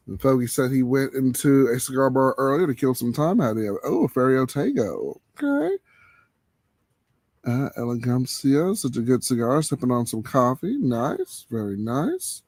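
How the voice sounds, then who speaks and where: A man's voice: medium pitch, sing-song, moderate pace, a little mellow, no echo. Laid-back man hosting a stream. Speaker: livestream host. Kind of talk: casual chat.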